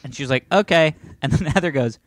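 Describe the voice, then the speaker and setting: A man's voice: mid-range voice, racing, dry recording. A man co-hosting a casual comedy podcast, rambling through stories and laughing often. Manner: laughs while telling stories, animated and rambling. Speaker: podcast co-host. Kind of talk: casual chat.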